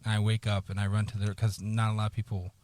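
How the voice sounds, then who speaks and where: Male podcast co-host, low voice, dry close mic, halting emotional storytelling with frequent swearing. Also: flat delivery, darkish tone, no room sound. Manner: halting, repeats words, swears often. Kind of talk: personal storytelling.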